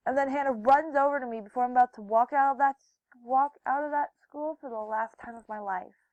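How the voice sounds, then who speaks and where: A young woman telling a personal story to camera in a notably high voice. She acts out the quoted people with loud, high bursts and drops soft and low when she turns wistful. The sound is dry and close. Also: steady tone, a little fast, no echo, low-quality recording. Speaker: vlogger.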